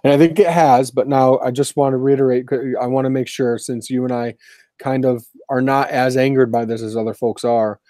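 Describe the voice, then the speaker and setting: A man's voice: mid-range voice, steady tone, a little fast, warm tone, dry recording, studio quality. A man co-hosting a podcast in casual chat, joking and teasing his partner. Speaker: podcast co-host.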